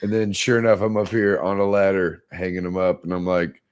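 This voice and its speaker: A man co-hosting a podcast, telling stories in a casual, profane, animated way and acting out quotes. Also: deep voice, fairly quick, smooth, no echo, clean studio sound. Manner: profane, animated storyteller who acts out quotes. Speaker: podcast co-host. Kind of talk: casual chat.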